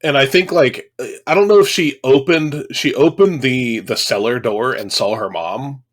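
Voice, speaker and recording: A man's voice: mid-range voice, unhurried. A man co-hosting a podcast, chiming in casually and adding details. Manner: laid-back, chiming in. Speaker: podcast co-host. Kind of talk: casual chat.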